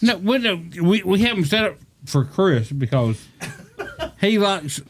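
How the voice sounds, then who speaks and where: Guy on a podcast talking real slow, high voice that swings around, loud music. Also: big pitch swings, slight background noise. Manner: slow, joking, stumbling interjections. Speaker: podcast co-host. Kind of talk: casual podcast banter.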